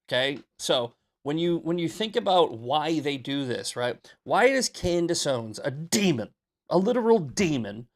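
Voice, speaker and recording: Emphatic male political livestream host. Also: on the high side. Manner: emphatic, repetitive, sarcastic asides. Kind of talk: live political commentary, reading chat.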